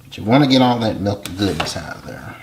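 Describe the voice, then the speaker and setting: Low-voiced man teaching home cooking. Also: a little fast, vocal fry, heavy background noise. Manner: folksy, relaxed step-by-step instructions, often quiet. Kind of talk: casual cooking demonstration.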